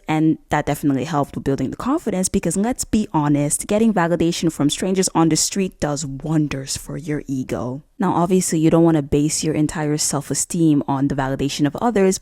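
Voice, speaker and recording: Young woman, low voice, blunt sweary jokey vlog advice, dry close sound. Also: mellow, dry recording. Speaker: vlogger.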